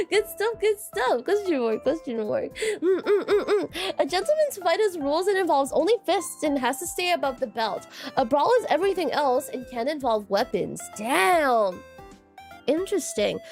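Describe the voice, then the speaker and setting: A woman's voice: sits high, sing-song, normal speed, soft background music. A woman streaming as a VTuber, chatting casually with viewers, giggly and full of filler words and repeated phrases. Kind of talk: casual livestream chat with viewers.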